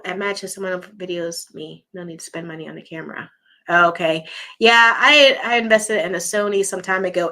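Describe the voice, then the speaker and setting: A woman's voice: mid-range voice, pushed and bright. A woman hosting a casual live chat, chatty and encouraging, reading viewer comments and losing her voice. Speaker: livestream host.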